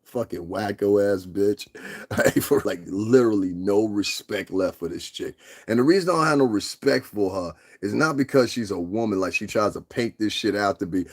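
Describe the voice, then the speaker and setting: A man's voice: lowish voice, lively intonation, normal speed. A man hosting a livestream, ranting in a profane, confrontational way and laughing often. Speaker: livestream host. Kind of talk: casual livestream rant.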